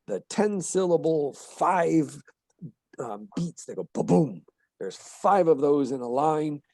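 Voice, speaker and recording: A man giving a book-talk lecture on a play, explaining with animated emphasis and tapping out rhythms aloud. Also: a little high, slow, no room sound. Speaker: literature lecturer.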